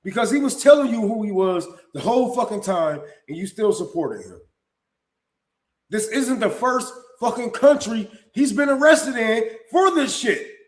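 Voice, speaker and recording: High-voiced man ranting in an echoey room. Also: expressive, normal speed. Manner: profane, heated and blunt, with repeated restarts. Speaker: streamer and commentary host. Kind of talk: live-stream commentary rant.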